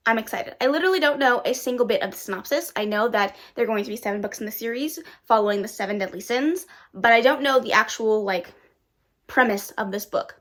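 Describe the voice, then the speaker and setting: Bubbly young woman w/ a hyping up her reading list, voice a bit high. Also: fast talker, fairly bright tone. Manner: bubbly, self-hyping, talks to viewers directly. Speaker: booktuber. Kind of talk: casual chat.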